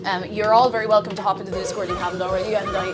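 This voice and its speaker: A woman's voice: mid-range voice, little pitch movement, racing. Bubbly woman streamer, music behind. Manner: bubbly, playful, sing-song asides. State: slightly out of breath. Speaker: livestreamer. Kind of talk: casual stream chat, reading chat aloud.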